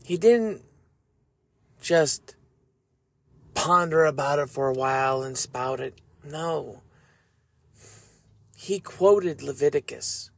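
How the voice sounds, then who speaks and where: A man hosting a faith podcast, reading scripture and speaking in an earnest, measured, reflective way. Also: medium pitch, creaky, no echo. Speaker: podcast host.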